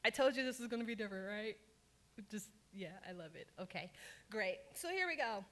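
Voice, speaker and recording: A woman from Baltimore leading a lively, interactive workshop in a conference room, urging the audience to cheer and answer. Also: medium pitch, brisk. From Baltimore, Maryland. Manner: lively, hypes the audience with calls for applause. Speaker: workshop speaker. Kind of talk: energetic interactive workshop talk.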